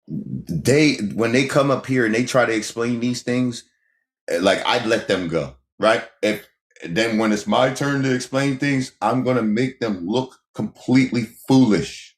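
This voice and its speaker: A man hosting a livestream in a loose, off-the-cuff monologue. He talks emphatically, repeating his points and throwing rhetorical questions at the chat, with a lively, swooping pitch. The sound is echoey, as if from a bare room. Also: measured pace. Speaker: livestream host.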